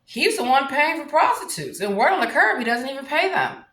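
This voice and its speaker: A brash woman with a Southern US accent delivers a profane, combative rant to camera. Her fairly high voice swoops up and down as she talks. The room around her rings with echo. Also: very animated, a little fast, a bit bright. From New Orleans, USA. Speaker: vlogger. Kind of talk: ranting monologue to camera. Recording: roomy echo.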